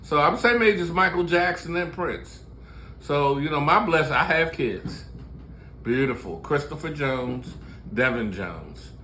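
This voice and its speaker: A man in his sixties from Baltimore talks in casual chat. He tells his stories candidly and jokes and laughs often. His voice is bright and forward, with a faint hiss of noise behind it. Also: a little high, animated, a little slow. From Baltimore, USA. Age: 60s. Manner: laughing, storytelling, candid and joking. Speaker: musician and show host.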